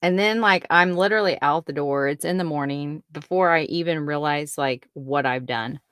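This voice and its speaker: A young woman with a low-pitched voice hosts her podcast in a loose, rambling way. She giggles often and keeps cutting herself off to restart a thought. The sound is dry and close, with no room tone. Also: moderate pace, a bit bright, clear, resonant tone, no room sound. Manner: rambling, giggly, self-interrupting. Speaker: podcast host. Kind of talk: casual spoken update.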